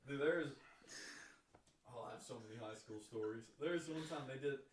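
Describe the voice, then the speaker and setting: A young man co-hosting a podcast, telling a high school story in a relaxed, rambling way. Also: normal speed, roomy sound, distant mic, a little hiss or hum. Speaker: podcast co-host. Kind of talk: casual storytelling.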